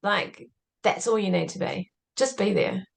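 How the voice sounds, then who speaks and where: A woman's voice: medium pitch, unhurried, gravelly. A woman as a podcast guest, telling a personal story in an earnest, reflective way and often saying "like". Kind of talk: conversational interview storytelling.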